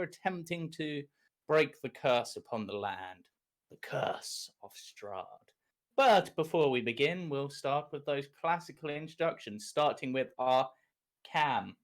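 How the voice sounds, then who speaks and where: Unhurried animated game master narrating. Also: medium pitch. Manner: lively, laughs often, unhurried storytelling.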